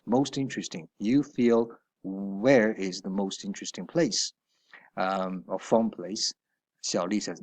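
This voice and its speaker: A man's voice: fairly low pitch, a little mellow, dry recording. A man teaching a Chinese textbook lesson, explaining each line patiently with hesitant fillers and corrections along the way.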